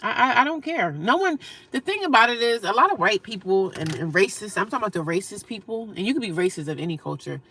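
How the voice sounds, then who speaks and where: A woman livestreaming, reading and answering chat comments in a blunt, profane, animated way and laughing often. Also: mid-range voice, fast, a little hiss or hum.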